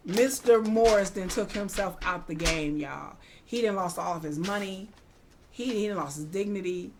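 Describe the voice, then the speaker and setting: A young adult woman giving a casual, animated TV episode recap in slangy talk, acting out what the characters say. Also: fairly low pitch, moderate pace, a little hiss or hum. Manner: animated, slangy retelling with acted-out quotes. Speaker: TV recap vlogger.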